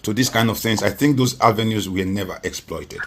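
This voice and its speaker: A man's voice: fairly low pitch, a little fast, fairly bright tone, slight background noise. A Nigerian man speaking as a political guest on a TV interview, making emphatic points with rhetorical repetition. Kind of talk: TV interview commentary.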